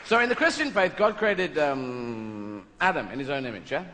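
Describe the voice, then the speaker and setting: A man's voice: mid-range voice, sing-song, normal speed, crowd noise. A man doing a stand-up comedy routine, rambling and playful with mock-pompous asides, recorded live in a large venue. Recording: live show in a big reverberant hall, noisy.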